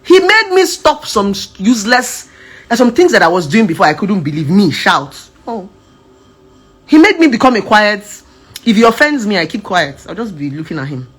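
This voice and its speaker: A woman's voice: mid-range voice, normal speed, slightly rough. A woman talking to her followers about her past relationships in a casual, emphatic personal testimony. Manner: animated, emphatic, switches between shouting and soft quoted voices. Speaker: social media advice speaker.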